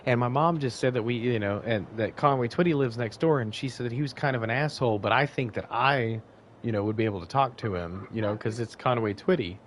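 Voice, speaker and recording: A man's voice: mid-range voice, fairly quick, a little hiss or hum, lightly acted. A man putting on the voice of a starstruck young woman gushing over a singer, raising his voice for her.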